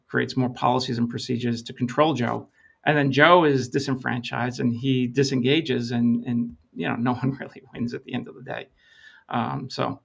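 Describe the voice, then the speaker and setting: Gravelly middle-aged man explaining. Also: medium pitch, fairly bright tone. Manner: measured, storytelling with quoted dialogue. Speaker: lean consultant, interview guest. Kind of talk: interview, explaining with anecdotes.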